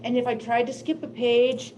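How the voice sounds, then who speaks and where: An older woman giving a presentation to teachers, telling classroom stories in a lively way and laughing often. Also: a little high, moderate pace, crowd noise, low-quality recording. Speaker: teacher of deaf students. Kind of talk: presentation to educators.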